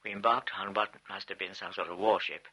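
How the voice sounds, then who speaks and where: A man narrating a first-person memoir as an audiobook, in a measured, reflective storytelling manner. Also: deep voice, fairly even intonation, bright, forceful tone, breathy edge, rough recording.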